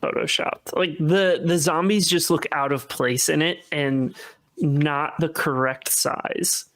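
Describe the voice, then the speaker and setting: A man's voice: fairly high pitch, slow pace, fairly bright tone. A man in his thirties co-hosting a casual podcast chat in a self-deprecating, mock-whiny way. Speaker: podcast co-host.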